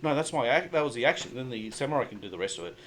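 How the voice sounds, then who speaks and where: A man playing a tabletop game, joking and laughing often with sudden animated bursts. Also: mid-range voice, rapid-fire, slight background noise. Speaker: player. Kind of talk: casual tabletop game chat.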